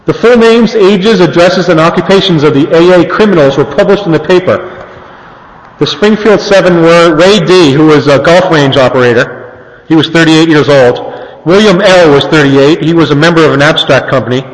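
A man's voice: fairly high pitch, moderate pace. A man giving a talk and reading old newspaper clippings aloud, with fillers and amused asides in between. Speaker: speaker on early AA history. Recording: echoey hall with long reverb.

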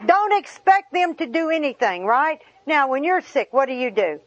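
A woman's voice: high voice, big pitch swings, moderate pace. A woman giving a personal testimony talk to a group, folksy and wry with self-deprecating humor. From Arkansas. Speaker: speaker sharing her story with a group. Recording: dull lo-fi recording.

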